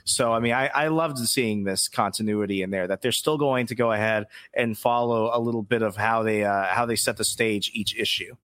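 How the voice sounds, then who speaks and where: A man co-hosting a podcast, sharing opinions on comic books in a relaxed, conversational way. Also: lowish voice, moderate pace, hardly any pauses, no room sound. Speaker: podcast co-host. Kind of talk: casual comic book discussion.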